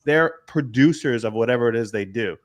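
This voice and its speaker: A male business coach from Long Island, New York, guesting on a casual talk show. He speaks at a middle pitch and drives his points home with rapid lists of short, emphatic phrases. His delivery is confident and conversational.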